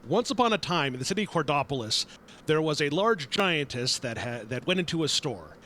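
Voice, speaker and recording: Man telling a story with lively pitch. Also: fairly quick, slight background noise. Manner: laughing, self-correcting storyteller. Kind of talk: improvised storytelling.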